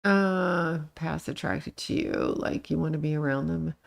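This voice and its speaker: A woman's voice: deep voice, measured pace, creaky. A middle-aged woman hosting a casual livestream, answering chat comments and ranting bluntly with plenty of swearing. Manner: blunt and profane, rants and swears at the people she discusses; talks back to chat comments. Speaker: livestream host reading chat.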